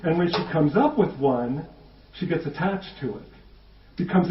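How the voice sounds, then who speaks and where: A man giving a prepared public talk in a measured, explanatory way, asking rhetorical questions. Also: on the high side, expressive. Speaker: public speaker. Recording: roomy, distant, dull audio.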